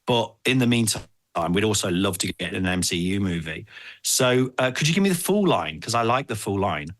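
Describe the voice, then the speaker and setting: A man's voice: on the low side, sing-song, moderate pace, a bit bright. A man co-hosting a podcast, chatting playfully and joking with his friends. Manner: playful, jokey, breaks into laughter. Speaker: podcast co-host. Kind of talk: casual comedic chat.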